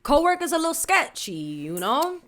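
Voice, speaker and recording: A woman's voice: high voice, sing-song, moderate pace, over a noisy crowd. A woman podcast co-host telling a candid story in casual chat, full of slang and Spanish asides.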